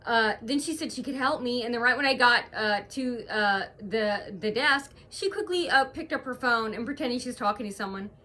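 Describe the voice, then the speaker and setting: Brief: woman vlogger at home, bright and tense voice, halting aggrieved rant. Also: on the high side. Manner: rambling, aggrieved retelling full of hesitations. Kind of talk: casual to-camera vlog monologue.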